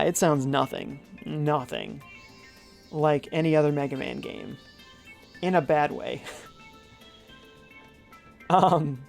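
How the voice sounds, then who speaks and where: With a medium pitch, vocal fry, and a darkish tone, a game streamer narrates live, reading viewer messages aloud. He's chatty, ponders decisions aloud, and hums while he thinks.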